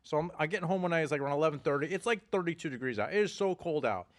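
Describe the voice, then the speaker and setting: A middle-aged male podcast host tells stories in loose casual chat. He talks fast and animatedly and laughs along the way. His voice sits a little high for a man. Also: expressive.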